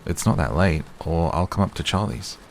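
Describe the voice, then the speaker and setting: A man's voice: sits low, creaky, a little hiss or hum. A man murmuring a jealous, scathing young man. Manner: soft, slow, barely acted. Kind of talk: whispered role-play.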